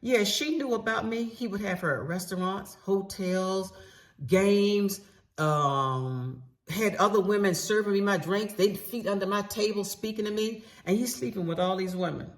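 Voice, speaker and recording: A middle-aged woman recounts her own story in a casual monologue. Her voice sits in a middle pitch. She speaks candidly and emphatically, mixes in salty slang, and addresses her listeners directly. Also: moderate pace.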